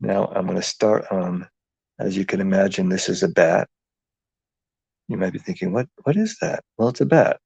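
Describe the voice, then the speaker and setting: A man's voice: deep voice, fairly even intonation, moderate pace, creaky, pauses often, darkish tone, husky, no room sound. A man with a New England accent hosting a casual live craft demonstration, rambling and joking as he thinks aloud while working, heard in dull lo-fi livestream sound.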